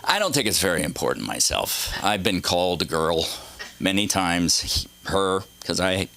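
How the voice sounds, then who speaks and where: Middle-aged male stand-up, lowish bright voice, swoops all over, swears freely while rambling. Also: very animated, moderate pace, vocal fry, slight background noise. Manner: rambling, profane, self-mocking storytelling. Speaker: stand-up comedian. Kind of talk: stand-up comedy set. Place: comedy club stage.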